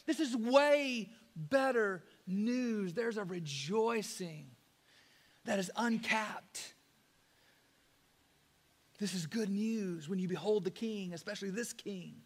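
A pastor preaching a sermon, swinging from soft, quiet stretches to loud, ringing rises and talking casually to his listeners as "guys". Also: high voice, slow pace. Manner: conversational, addresses listeners as guys.

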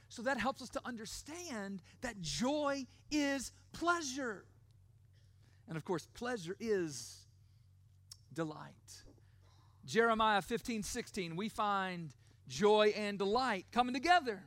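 A middle-aged male pastor giving a sermon. He stresses key words, slows down to repeat them, and often checks in with "right?". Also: sits high, lively intonation, fairly bright tone, no echo. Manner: emphatic, repeats key words slowly, asks the crowd "right?".

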